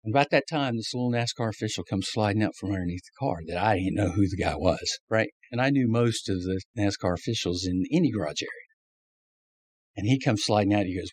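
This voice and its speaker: A man's voice: lowish voice, a little fast, breathy edge, dry recording. A man, a former race crew chief, telling stories in an interview, acting out quotes and laughing often. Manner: animated storyteller, acts out quotes, laughs often. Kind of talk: storytelling interview.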